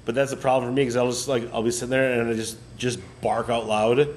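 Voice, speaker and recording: A man's voice: medium pitch, flat delivery, fast, slight background noise. A young man co-hosting a podcast in casual, rambling chat, laughing often. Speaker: podcast co-host.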